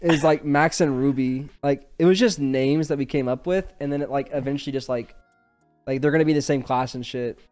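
A man's voice: mid-range voice, fairly even intonation, fairly quick, a little mellow, soft background music. A young man hosting a podcast, retelling a story in casual, rambling chat full of fillers. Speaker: podcast host.

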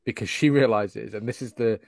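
A man's voice: mid-range voice, fairly quick, gravelly, no room sound. Ranting, profane man reviewing a film. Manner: profane, ranting, animated asides. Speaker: podcast co-host. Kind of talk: casual film-review chat.

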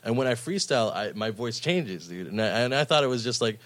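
A man's voice: mid-range voice, lively intonation, a little fast, a bit bright, dry recording. A man guesting on a casual chat, often stammering and repeating words, agreeable and laid back. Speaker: guest musician.

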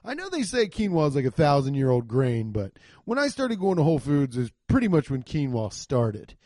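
A man's voice: mid-range voice, moderate pace, no echo, clean studio sound. A man hosting a podcast, telling comic stories in a profane way and acting out quotes in goofy voices. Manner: animated, profane, acts out quotes in silly voices. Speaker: podcast host. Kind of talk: comedic storytelling.

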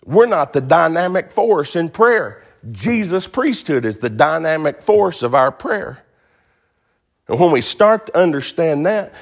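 A male pastor preaching a sermon in a folksy, emphatic way, repeating phrases for stress. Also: a little high.

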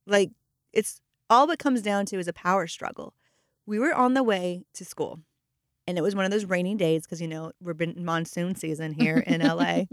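Woman, casual podcast co-host, lively parenting anecdotes, dry close mic. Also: fairly low pitch, no echo. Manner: animated storytelling, acting out her kids' voices. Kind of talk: casual chat.

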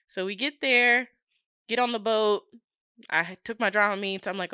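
A young woman, a podcast co-host, telling an animated story in casual chat and acting out the people in it. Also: fairly low pitch, quick pace, clean tone, no room sound, studio quality.

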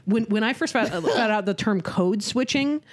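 A woman in casual podcast chat, telling wry stories with quick asides. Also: fairly high pitch, lively intonation.

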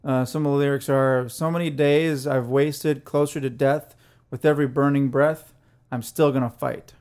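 A relaxed man talks through an album track by track on a casual podcast. He laughs easily and keeps an easygoing tone. His voice sits at a normal middle pitch. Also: moderate pace, smooth. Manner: easygoing, explains songs, laughs often. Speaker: podcast co-host. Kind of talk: casual music review chat.

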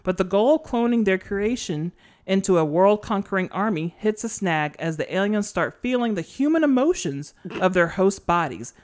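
A woman's voice: medium pitch, expressive, moderate pace, darkish tone. A woman co-hosting a casual film podcast, talking in a rambling way with many fillers and restarts. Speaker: podcast co-host. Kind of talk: casual chat about a film.

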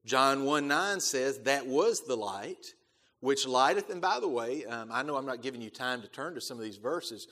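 Bright-voiced emphatic male preacher. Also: mid-range voice, animated, normal speed. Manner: emphatic, repeats key phrases, quotes scripture in King James wording; loud swells on key words, drops to quiet asides. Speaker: pastor. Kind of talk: sermon.

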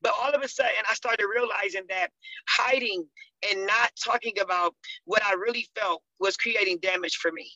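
A woman's voice: mid-range voice, moderate pace, bright, forceful tone, no echo. A woman, a contributing author, sharing her personal story in an earnest, conversational way. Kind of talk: personal testimony. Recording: dull, dry sound.

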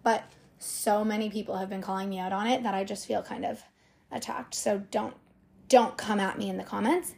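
A woman's voice: medium pitch, fairly even intonation, moderate pace, creaky, darkish tone. A young woman co-hosting a podcast, chatting casually and rambling with lots of fillers. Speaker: podcast co-host. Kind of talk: casual chat.

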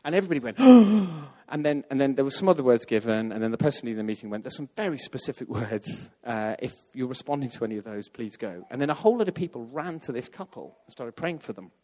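A man preaches in a storytelling style, mid-pitched and animated. He slips into other people's voices as he tells the story. His voice rings with a long reverb from a large hall. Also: fast talker, few pauses. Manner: animated, acts out quoted voices. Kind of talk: storytelling sermon.

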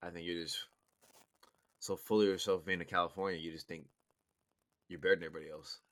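A man in a casual chat, talking in an animated, profane and needling way. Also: low-pitched, fast, no echo. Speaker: podcast co-host.

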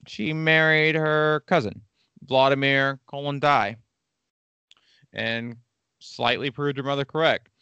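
A man hosts a casual history podcast, his voice bright and forward. He tells the story loosely, tossing in irreverent, profane jokes. The sound is dry and close, with no room around it. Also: mid-range voice, animated, a little slow, smooth, no echo, dull audio. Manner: irreverent, joking asides with profanity. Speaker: podcast co-host.

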